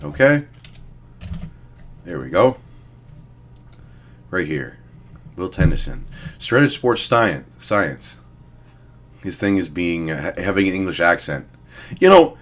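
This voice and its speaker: A man's voice: deep voice, sing-song, normal speed, pauses often. A young man giving blunt, profane, rambling casual commentary as he ranks fitness figures. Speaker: fitness vlogger. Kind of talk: casual commentary ranking influencers.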